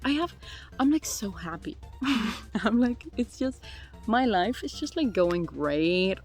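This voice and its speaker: A woman's voice: mid-range voice, big pitch swings, slow, darkish tone, soft background music. Giggly chatty woman in her twenties. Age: 20s. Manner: chatty and giggly, full of "like" fillers. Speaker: vlogger answering viewer questions. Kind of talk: casual chat. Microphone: phone.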